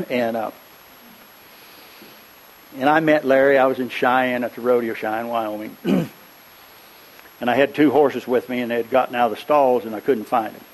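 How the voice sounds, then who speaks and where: An older male preacher drifts through his sermon in a loose, chatty way, stopping now and then to clear his throat. His voice sits at an ordinary middle pitch, and he tells his stories in a homespun style. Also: normal speed, pauses often, low-quality recording. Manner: rambling, conversational, frequent throat-clearing. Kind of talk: folksy storytelling sermon.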